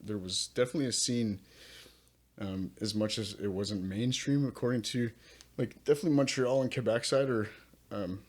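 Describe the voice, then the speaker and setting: Laid-back low-voiced man from Ontario. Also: steady tone, moderate pace, darkish tone. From Northern Ontario, Canada. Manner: laid-back, swears freely, chuckles often. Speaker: podcast guest, metal vocalist. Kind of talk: casual conversational interview.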